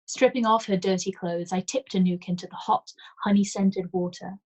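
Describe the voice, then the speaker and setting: A woman reading a novel aloud as a storyteller, in calm, measured first-person narration. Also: medium pitch.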